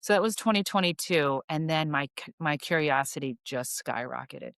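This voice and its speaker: Woman podcast guest, low voice, dry close sound, earnest and reflective. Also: animated, normal speed, vocal fry, a bit bright, no room sound. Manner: earnest, thoughtful, many ums. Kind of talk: reflective spiritual conversation.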